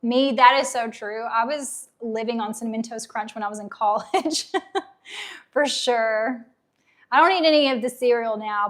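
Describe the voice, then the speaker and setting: This livestream host, a woman in her thirties, reads viewers' comments out loud with nostalgic excitement during a relaxed unboxing stream. Her slightly high voice is growing a bit hoarse as she starts to lose it.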